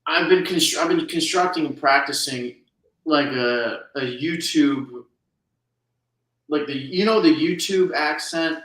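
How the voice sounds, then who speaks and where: Bright-voiced man from New Jersey, rambling. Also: fairly high pitch, a little slow. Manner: rambling, full of restarts and fillers. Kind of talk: casual chat. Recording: echoey room.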